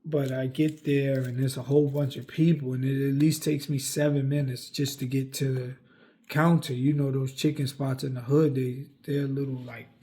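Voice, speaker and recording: A man's voice: medium pitch, mellow. A young man from the United States telling a story, rambling with lots of fillers and cursing. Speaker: vlogger. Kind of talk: casual storytelling.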